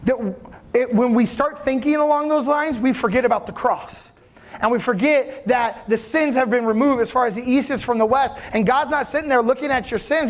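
Man, pastor, sermon, very high voice, animated, jokey, checks in with listeners. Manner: animated, laughing, asks for agreement.

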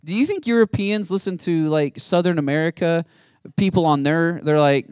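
A man's voice: fairly high pitch, moderate pace, a little mellow, clear, resonant tone, no echo, studio quality. A man preaching a sermon, rousing and full of rhetorical questions and call-outs to the congregation. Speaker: pastor.

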